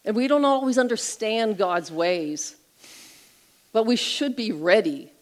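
A middle-aged woman retelling an inspirational story on a Christian talk show, expressive and lively as she narrates. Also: medium pitch, measured pace, poor audio.

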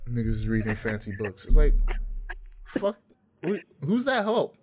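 A man's voice: mid-range voice, big pitch swings, normal speed, pauses often, husky. A man hosting a casual podcast chat, talking bluntly with lots of profanity and heated rants. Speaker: podcast host.

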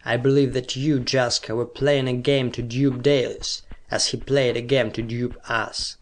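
A man reading aloud as a stern, heartsick genius from an old pulp storybook, holding his anger in with grave restraint. The voice sits at an ordinary middle pitch. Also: little pitch movement, measured pace, close to an everyday voice. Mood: whispered. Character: stern, lovesick young-seeming male genius.

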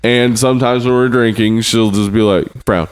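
A man's voice: mid-range voice, steady tone, normal speed, clean tone. A married man co-hosting a casual podcast, wry and laid-back, laughing often. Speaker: podcast co-host. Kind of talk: casual movie-review chat.

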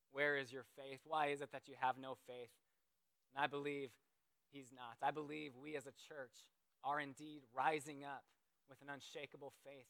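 A man preaching a sermon as pastor, slow and earnest, with dramatic pauses and phrases that fall quiet at the end. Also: fairly high pitch, no echo.

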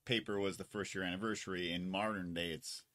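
A man co-hosting a casual livestream chat, talking in halting, rambling bits. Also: low-pitched, fairly even intonation, bright, forceful tone. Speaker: co-host.

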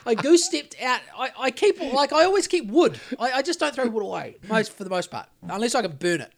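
A man's voice: extremely high pitch, lively intonation, brisk, gravelly. An Australian man co-hosting a podcast, telling a long story in a rambling, sweary way with lots of restarts. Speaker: podcast co-host. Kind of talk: casual chat.

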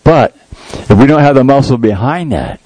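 A man's voice: medium pitch, animated, normal speed, darkish tone, slightly rough, dry recording, rough recording. A man giving an informal, folksy sermon, joking about himself and reading scripture aloud. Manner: folksy, jokey, laughs at himself, quotes scripture. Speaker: lay preacher.

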